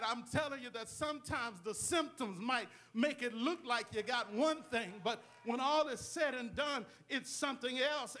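A man's voice: very high voice, bright, forceful tone. A male pastor preaching a sermon with call-and-response, repeated amens and rhetorical questions to the congregation.

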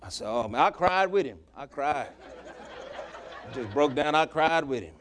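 A man preaching a sermon, telling a personal story in a folksy way that swings from loud to hushed. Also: fairly high pitch, expressive, measured pace. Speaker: pastor.

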